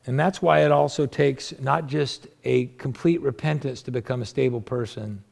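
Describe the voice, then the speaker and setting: In his creaky voice and at a moderate pace, a preacher addresses the congregation like a conversation, asking question after rhetorical question. The sermon moves from loud, emphatic moments to quiet, low-voiced asides.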